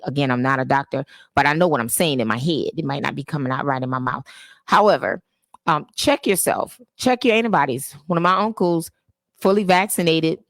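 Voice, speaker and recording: A woman's voice: sits low, dry recording. A woman hosting a live-streamed podcast introduction, speaking in an earnest, preachy way and appealing straight to church people. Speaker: podcast host. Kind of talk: casual live-stream monologue. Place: home setup, Facebook live stream.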